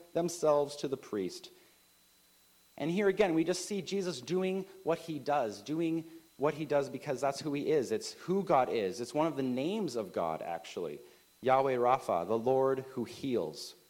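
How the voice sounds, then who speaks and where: A man in his thirties preaches his sermon to a congregation. He talks in an easy, conversational way, full of little asides and "right?". His voice sits at an ordinary middle pitch and lifts for emphasis. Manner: conversational, many filler likes and rights, rising emphasis. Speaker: pastor.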